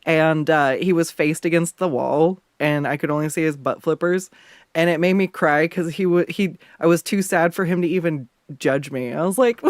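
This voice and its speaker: A man with a slightly high voice chats casually while he draws on a livestream. He laughs often and jokes about himself. The sound is dry and close, from a desk microphone. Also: normal speed, no echo. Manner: laughs often, self-mocking and chatty. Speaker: art streamer. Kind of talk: casual chat while drawing on stream. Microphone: desktop USB condenser mic.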